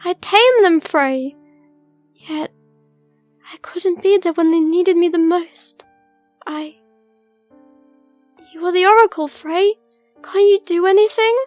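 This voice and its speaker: A woman's voice: very high-pitched, slow pace, pauses often, no echo, faint music behind. A woman reading as a grieving, pleading woman. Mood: distraught. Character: grieving woman who tamed stray cats.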